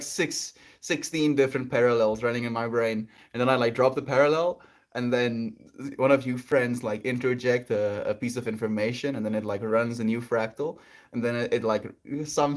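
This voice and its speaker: A man chatting casually on a spiritual livestream, reading and answering his chat in a gentle, rambling, affectionate way. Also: mid-range voice.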